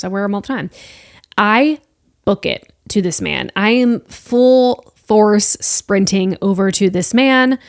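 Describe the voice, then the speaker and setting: A woman's voice: medium pitch, dry recording, studio quality. A young adult woman hosting a podcast, casually and animatedly telling a story with lots of filler words. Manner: animated, breathless retelling with frequent "like" fillers. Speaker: podcast host.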